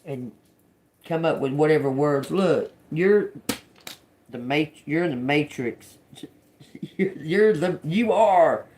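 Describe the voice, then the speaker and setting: A woman doing a live-stream tarot reading, musing slowly and repeating words as she reads them out, casual and given to swearing and laughing with viewers. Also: sits low, animated, a little mellow. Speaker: tarot reader.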